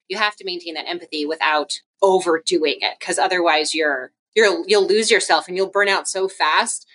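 A woman guest, a physical therapist, talking in a casual, chatty interview and telling stories with lively acted quotes. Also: on the low side.

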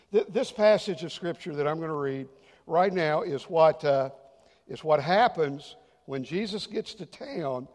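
A man preaching a sermon as pastor, swinging from loud emphatic lines to hushed, near-whispered ones. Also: fairly high pitch, big-room sound.

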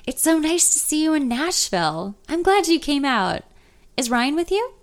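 A woman voicing a kindly, grandfatherly older male songwriter who speaks gently and encouragingly. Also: sits high, very animated, moderate pace, voice pushed up. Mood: gentle.

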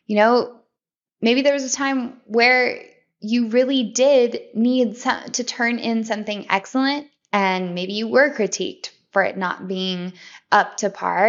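A woman's voice: on the high side, lo-fi sound. A woman hosting a podcast, giving a conversational self-help monologue and often repeating and restarting her words.

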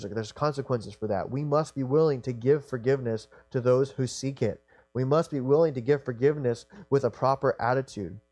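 A man's voice: medium pitch, a little mellow, no echo. A man preaching a sermon in an earnest, repetitive way, often restarting his sentences.

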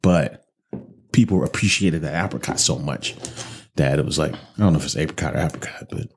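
A man's voice: extremely low pitch, fairly quick, slight background noise. A man co-hosting a podcast, chatting casually and loosely about whiskey, swearing freely and rambling with fillers. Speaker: podcast co-host reviewing whiskey. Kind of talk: casual chat.

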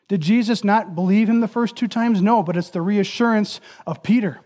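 A man's voice: high-pitched, moderate pace, hardly any pauses, a little mellow. A man preaching a sermon in an earnest, emphatic way.

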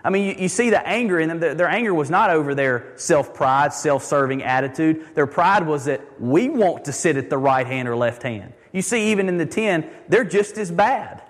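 A man's voice: on the high side, animated, moderate pace, few pauses. Guy pastor preaching, chatty but emphatic, lots of reverb like a big church. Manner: conversational preaching with emphatic repetitions. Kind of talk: sermon.

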